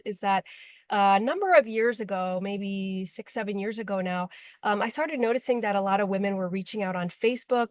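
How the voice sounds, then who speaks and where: A woman's voice: mid-range voice, no room sound. A woman relationship coach speaking earnestly and emotionally to her viewers, with frequent ums and likes. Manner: emotional, heartfelt, with frequent fillers. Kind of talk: earnest direct-to-camera talk.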